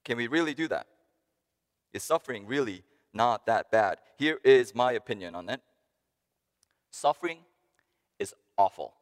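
A man delivering a sermon with a mid-range voice that swings widely in pitch. He climbs to emphatic peaks and then drops to quiet asides. His voice carries a long reverb, as if spoken in a large church hall. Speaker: pastor.

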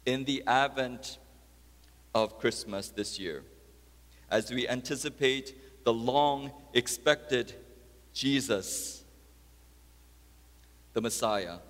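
A male pastor delivering a sermon at an unhurried pace, his voice moving between quiet, low passages and loud, high-pitched emphatic swells. The sound rings with the long reverb of a large church hall.

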